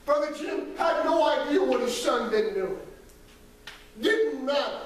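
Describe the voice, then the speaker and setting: A man, an associate pastor, preaching a folksy sermon and calling on church members by name, swinging from shouts to near whispers. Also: extremely high pitch, animated, unhurried, slight background noise. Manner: folksy storytelling, calls on congregation members by name; rises to shouting peaks, then drops very soft. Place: church sanctuary. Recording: echoey church hall, voice from far off.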